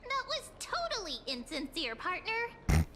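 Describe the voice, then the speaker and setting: A woman's voice: extremely high pitch, measured pace, slight background noise, full character voice. A bubbly, teasing young girl. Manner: lively, teasing. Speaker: game character. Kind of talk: game voice acting.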